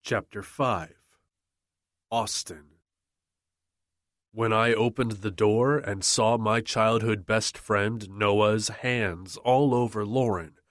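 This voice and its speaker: A man narrating a first-person romance audiobook in a measured, brooding manner. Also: lowish voice, no echo, clean studio sound.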